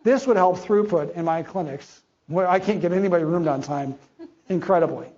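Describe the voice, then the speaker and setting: A man's voice: high voice, a little fast, a little mellow. A middle-aged man giving a conversational conference presentation. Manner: conversational, acts out quoted dialogue. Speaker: conference speaker. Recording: dull lo-fi audio.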